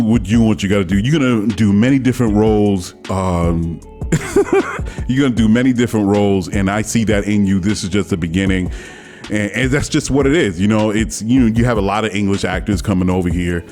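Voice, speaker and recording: Animated laughing man. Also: on the low side. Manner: animated, laughs a lot, exclamatory. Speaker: podcast host. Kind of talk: casual solo commentary.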